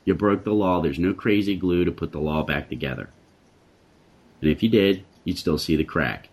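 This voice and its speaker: A very deep-voiced man with a husky, rough-edged tone leads a Christian discussion. He talks in an emphatic, preacherly way and hammers his points home by repeating phrases. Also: normal speed, a little mellow. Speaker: Christian talk show host.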